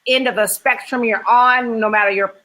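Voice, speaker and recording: Bright, earnest woman host. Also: on the high side, steady tone, moderate pace, low-quality recording. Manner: earnest and reflective. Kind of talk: casual interview chat.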